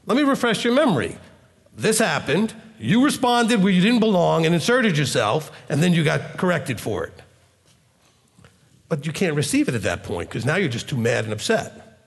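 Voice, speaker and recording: A man's voice: a little high, normal speed, gravelly, in a large hall. A man teaching as a rabbi, asking rhetorical questions and acting out both sides of everyday arguments. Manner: animated, acts out dialogue, rhetorical questions.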